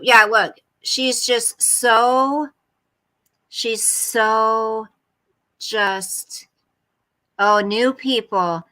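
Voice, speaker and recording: A woman's voice: on the high side, fairly even intonation, very slow, pauses often, bright, forceful tone, rough recording. A woman hosting a casual livestream, talking bluntly and rambling to her chat and her pet at home. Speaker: livestream host. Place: home room.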